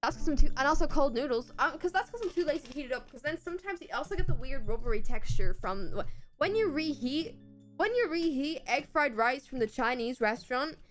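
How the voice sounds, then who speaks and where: Chatty Irish woman streamer, higher voice. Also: lively intonation, a little fast, fairly bright tone, soft background music. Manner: rambling, chatty, playful asides. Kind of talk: casual chat while gaming.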